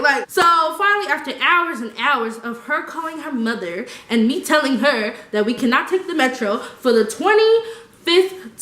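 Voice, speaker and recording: A young woman telling a story casually, animated and slangy, laughing often. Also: high voice, echoey room. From United States. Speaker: vlogger.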